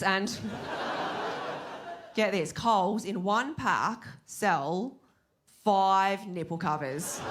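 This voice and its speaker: An Australian woman doing stand-up comedy into a handheld mic, teasing the audience with incredulous questions and laughing as she talks. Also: mid-range voice. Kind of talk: stand-up crowd work. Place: comedy venue with a live audience. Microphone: handheld microphone. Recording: live club recording, loud crowd noise.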